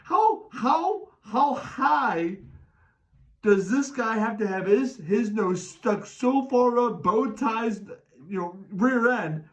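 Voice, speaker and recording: A middle-aged man hosting a fan rant, animated and talking about himself in the third person. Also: high voice, slow. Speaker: podcast host ranting as a sports fan. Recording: distant mic, dull lo-fi sound.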